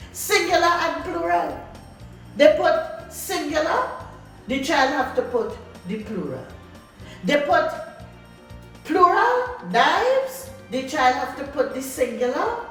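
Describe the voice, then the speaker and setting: Lively woman storyteller, echoey. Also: sits high. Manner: lively, call-and-response asides. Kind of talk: oral folk storytelling to an audience. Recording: echoey hall, distant mic, faint music.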